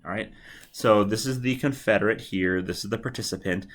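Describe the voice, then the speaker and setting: With a lowish voice and a slightly fast pace, a man delivers a recorded psychology video lecture in a chatty way. He tends to repeat points and checks in with listeners by saying "all right."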